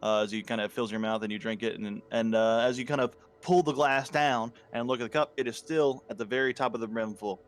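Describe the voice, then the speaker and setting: A man's voice: mid-range voice, fairly even intonation, brisk, hardly any pauses. A man narrating as game master of a tabletop game, loose and full of fillers.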